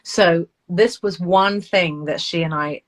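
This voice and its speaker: A woman, an actress, chatting casually on a live video call, animated and laughing as she tells stories about herself. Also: on the low side, slow pace. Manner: animated, laughing, self-deprecating storytelling. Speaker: actress guest.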